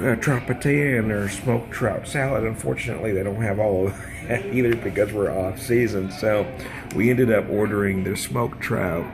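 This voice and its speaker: A man's voice: lowish voice, vocal fry. A man losing his voice, chatting folksily and rambling while reviewing beer and food outdoors, laughing often. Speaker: beer vlogger. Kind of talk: casual video review. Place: outdoors at a trout farm restaurant.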